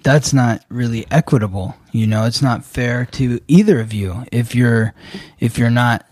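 A man's voice: medium pitch, moderate pace, a little mellow, dry recording. Man co-host offering supportive remarks. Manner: supportive listener with frequent affirmations. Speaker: podcast co-host. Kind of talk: casual chat.

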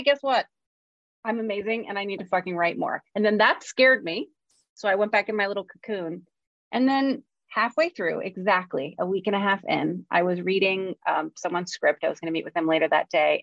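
A woman's voice: mid-range voice, a bit bright, no echo. Frank, swearing woman in a dull recording. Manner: frank, swears freely, self-deprecating. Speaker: screenwriter. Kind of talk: candid personal storytelling in conversation.

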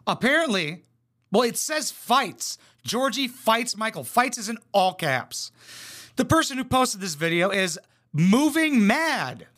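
A man's voice: high-pitched, big pitch swings, measured pace, a bit bright. A young man giving a crude, sarcastic comedic reaction commentary on a reality show clip, swearing a lot.

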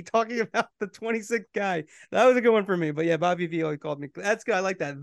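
A man's voice: high voice, fast, creaky, hardly any pauses, no room sound, clean studio sound. A middle-aged man co-hosting a podcast in casual chat, telling stories and laughing easily. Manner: chatty, storytelling, laughs easily. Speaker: podcast co-host.

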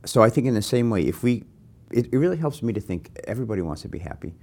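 An older man hosting a conversation, telling animated, self-deprecating anecdotes. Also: on the low side, fast talker. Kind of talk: conversational interview.

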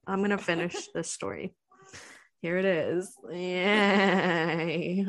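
A woman's voice: fairly low pitch, expressive, unhurried, gravelly, fairly bright tone. A young woman streaming, chatting casually and telling a story, swearing and laughing often. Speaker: livestreamer telling stories to chat.

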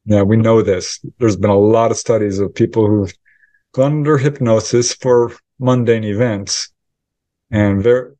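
A man, a researcher and author, answering interview questions as a lively storyteller who acts out the voices of people in his account. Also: on the low side, measured pace, no echo. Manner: animated storyteller acting out quoted dialogue. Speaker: UFO researcher and author, guest.

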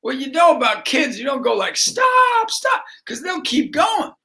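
A man's voice: very high voice, lively intonation, fairly quick, creaky. A middle-aged man, a motivational speaker and basketball coach, telling a story with lots of energy and acting out the voices of the people in it. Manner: acts out voices in his stories, shouting and laughing. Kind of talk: animated storytelling.

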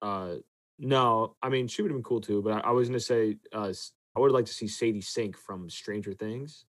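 Soft-trailing hesitant man chatting. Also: fairly low pitch, moderate pace, dry recording. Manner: hesitant, trails off softly, restarts. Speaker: podcast co-host. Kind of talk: casual chat.

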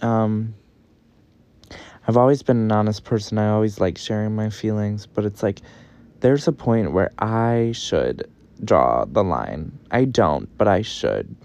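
Low-ish young guy on his podcast, campy and blunt, swears a lot, kind of spilling everything. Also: unhurried, creaky, darkish tone. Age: young adult. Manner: candid, profane, campy. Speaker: podcast host. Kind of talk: confessional podcast monologue.

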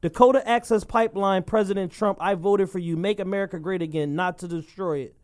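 High-voiced joking podcast co-host, a man. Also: brisk. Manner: animated, riffing, joking bits. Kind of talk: casual chat.

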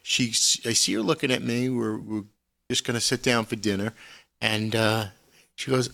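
Bright-voiced chatty man telling stories. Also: fairly low pitch, steady tone, normal speed, gravelly. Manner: chatty storyteller, repeats words. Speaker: co-host. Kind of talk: casual studio chat.

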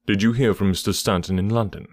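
A man voicing a brisk, sharp-witted male detective with a measured, probing, dryly ironic delivery. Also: fairly low pitch, fairly even intonation, dry recording, studio quality, natural voice.

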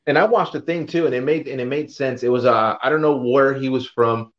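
A man in casual conversation who retells a clip he watched in an animated way, acting out the people in it. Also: medium pitch, brisk, highs cut off. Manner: animated storyteller, retells scenes with quoted voices.

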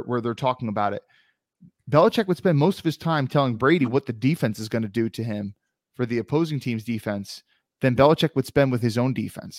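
A man's voice: mid-range voice, no echo. Argumentative sports podcast man, dry sound. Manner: argumentative, explains at length. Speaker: podcast co-host. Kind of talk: casual sports chat.

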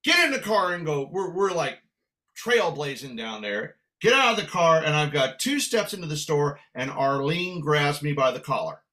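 A man's voice: a little high, moderate pace. An older man from San Francisco, a guest musician, telling a long anecdote in conversation and acting out the voices in it. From San Francisco, USA. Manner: animated anecdote telling with acted dialogue. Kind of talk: storytelling in conversation.

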